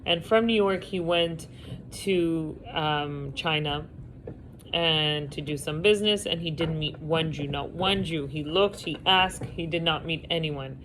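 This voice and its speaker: Low-voiced woman telling a story. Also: a little slow, slight background noise, poor audio. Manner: animated storyteller, acting out quotes. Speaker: Torah class teacher. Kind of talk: storytelling in a class.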